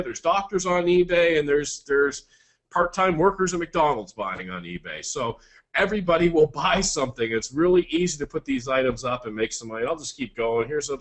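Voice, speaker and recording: A man presenting an online selling course, walking through sales examples in an upbeat, salesy pitch with quick asides. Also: a bit bright.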